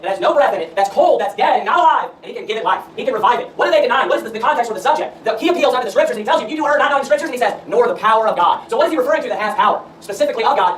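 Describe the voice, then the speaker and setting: A man preaching at a rapid clip, firing rhetorical questions and reading scripture between his points. He sounds set back from the microphone in a roomy space, with a faint hum of the room behind him. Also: sits high, a bit bright. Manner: emphatic, asks rhetorical questions. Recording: roomy echo, far from the mic, faint room noise.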